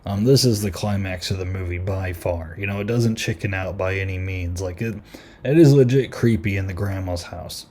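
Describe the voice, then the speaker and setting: Chatty low-voiced man recapping a movie. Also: normal speed, darkish tone. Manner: chatty, lots of "like" and "um". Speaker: podcast host. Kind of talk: casual movie review recap.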